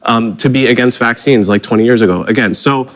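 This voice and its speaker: A man's voice: mid-range voice, brisk, rough recording. A man arguing his case in a televised debate, fluent and methodical as he lists his points. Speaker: TV guest.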